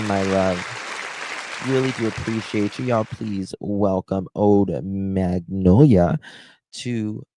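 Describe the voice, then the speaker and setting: A man hosting a casual live stream, rambling and hesitant, warmly thanking chat. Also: sits low. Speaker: livestream host.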